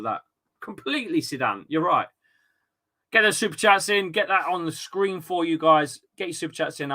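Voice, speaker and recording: Excitable bright-voiced man hosting a football watchalong. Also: on the high side. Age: adult with a young son. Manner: excitable, shouts and swears at the match, chats with viewers. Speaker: livestream watchalong host. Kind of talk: casual live football watchalong commentary.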